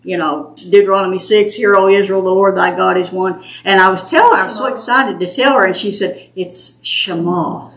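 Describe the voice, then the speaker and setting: A woman's voice: medium pitch, brisk, hardly any pauses. A woman with an East Tennessee Southern accent leading a small group Bible study, chatty and patient, laughing easily. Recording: roomy home recording.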